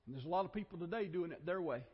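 A man's voice: sits high, animated, racing, husky. A man with a Southern American accent preaching a sermon in a conversational way, with joking asides and repeated phrases, in a church. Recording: dull, echoey church hall recording.

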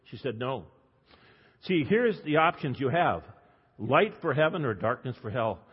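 An older man preaching an evangelistic sermon, telling stories dramatically and moving from hushed tones to loud emphatic passages. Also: a little high, husky. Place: church sanctuary. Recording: dull sound with long hall reverb.

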